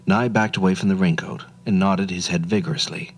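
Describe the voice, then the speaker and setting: A man narrating a storybook radio drama in a gentle, measured way. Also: low voice, steady tone, slightly rough, poor audio.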